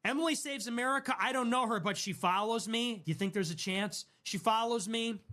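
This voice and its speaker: A man with a high, light voice riffs on a live stream. He rants casually and sarcastically, pushing provocative lines on purpose. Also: a little fast, pushed and bright.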